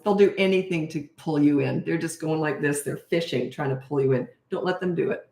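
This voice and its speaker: A woman's voice: low-pitched, fairly quick, hardly any pauses, darkish tone. A woman in her sixties, a parenting coach, answering viewer questions in a blunt, emphatic and opinionated way. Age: 60s. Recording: echoey room.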